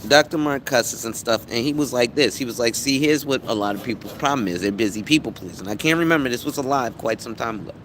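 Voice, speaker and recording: A man hosting a casual live stream as an insurance agent, talking bluntly and profanely with animated storytelling. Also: mid-range voice, fast, few pauses, slight background noise.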